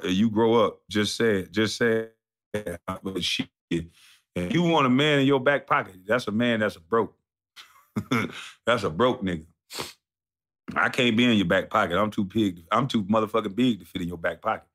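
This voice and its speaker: A man's voice: on the low side, normal speed, long pauses. Blunt, profane man ranting. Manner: blunt, animated, storytelling with put-on quotes.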